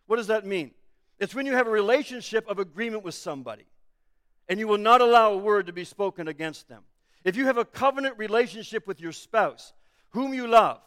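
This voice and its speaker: Male pastor, sermon, high-pitched, resonant, emphatic bursts. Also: fairly bright tone, clear, resonant tone. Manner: preaching with rising, emphatic bursts.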